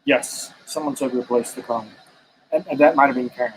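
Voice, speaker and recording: A man's voice: mid-range voice, steady tone, brisk, a little hiss or hum, rough recording. A man co-hosting a casual live stream from a garage, reading out viewer comments and making easygoing jokes. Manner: joking, easygoing. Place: home garage.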